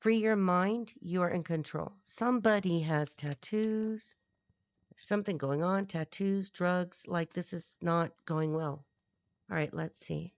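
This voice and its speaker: A middle-aged woman with a low voice gives a tarot reading, talking bluntly and thinking aloud with lots of restarts. She is recorded close and dry, with little room sound. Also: unhurried, gravelly, no echo. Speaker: tarot reader. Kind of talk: channeled tarot reading to camera.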